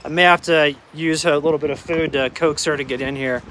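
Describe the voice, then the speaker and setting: A man's voice: a little high, steady tone, fairly quick, a bit bright, rough recording. A man hosting a casual live stream from his rural off-grid property, easygoing and greeting viewers by name as brother. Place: outdoors on windy rural property and inside a camper. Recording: windy outdoor phone audio with gusts. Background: wind noise.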